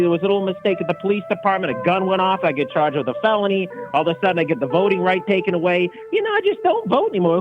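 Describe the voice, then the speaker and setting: Brash small-time crook caller, a man doing it, high voice, rapid, wisecracking, muffled lo-fi line. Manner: fast, wisecracking, laughing. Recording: dull lo-fi line with faint music.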